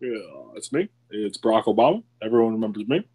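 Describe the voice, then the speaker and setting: A man putting on the deep, slow, self-assured voice of a male statesman, as a comedy impression. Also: expressive, dark tone, husky, poor audio. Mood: mock-solemn.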